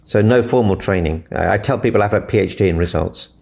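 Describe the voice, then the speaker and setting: A man from Africa speaks with a very low, gravelly voice as a relationship mentor in an interview. He tells earnest, inspirational stories and acts out the conversations in them. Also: fast, a little mellow. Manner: earnest, inspirational, retells dialogue. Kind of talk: storytelling interview answers.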